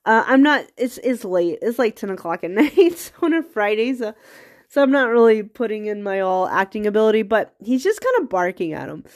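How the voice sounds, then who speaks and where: A woman's voice: medium pitch, big pitch swings, moderate pace. A woman hosting a podcast, talking in a rambling casual monologue with laughing asides, a bit stuffy from a cold. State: has a cold, occasional coughs. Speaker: podcast host.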